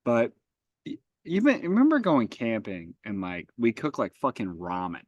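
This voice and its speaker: A man's voice: medium pitch, wildly swooping pitch, moderate pace, no echo, lo-fi sound. A man co-hosting a podcast, joking and swearing in casual chat. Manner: jokey, swearing, riffing. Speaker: podcast co-host.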